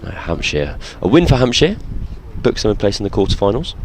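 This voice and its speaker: Man, low voice, dry and wry, cricket co-commentary, faint outdoor noise. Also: sing-song, fairly quick. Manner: dry, wry, analytical remarks.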